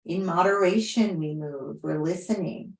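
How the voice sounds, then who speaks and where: A woman yoga teacher guiding a class with gentle, unhurried cues and soft affirmations. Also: lowish voice, creaky. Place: class room. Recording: roomy echo.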